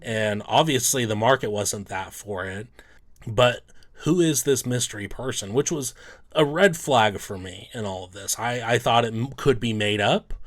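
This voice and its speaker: A man's voice: mid-range voice, normal speed, a bit bright. A sports card collector, a man, telling a personal story in a loose, rambling way, full of "um" and "you know".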